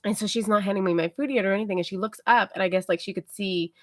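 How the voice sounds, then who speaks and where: A tired young woman hosting a livestream, telling a rambling story in a mellow, casual way, full of fillers and talking to herself. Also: mid-range voice, racing, no echo, studio quality. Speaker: livestream host.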